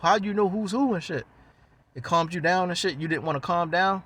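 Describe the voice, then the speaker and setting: Baltimore man, casual storyteller, slightly high voice, profane and lively, acts out the other people in his stories. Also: fairly quick, slightly rough. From West Baltimore.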